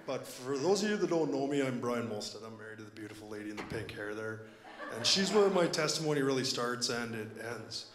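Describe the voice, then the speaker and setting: A man's voice: mid-range voice, animated, fairly quick, a crowd in the background. A man in his late twenties from Canada giving a candid personal testimony at a church service, plain-spoken with self-deprecating humor. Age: late 20s. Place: church sanctuary. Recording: echoey church hall.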